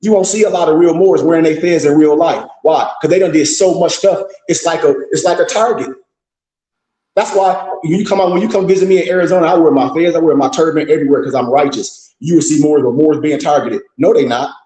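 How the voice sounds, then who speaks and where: A man's voice: a little high, brisk, warm tone. Blunt, scolding man lecturing in an echoey room. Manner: blunt, scolding, profane, rhetorical questions. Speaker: teacher addressing a group. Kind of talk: preaching lecture.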